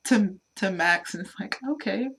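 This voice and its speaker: A woman's voice: mid-range voice, very animated, slow pace, crowd noise. A woman in her thirties co-hosting a podcast, chatting casually and laughing often as she retells scenes. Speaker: podcast co-host. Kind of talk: casual chat reviewing movies.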